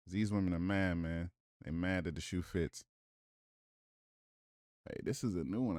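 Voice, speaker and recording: A man's voice: low-pitched, no room sound, studio quality. A man giving casual reaction commentary, reading viewer comments aloud with blunt, profane asides and rhetorical questions.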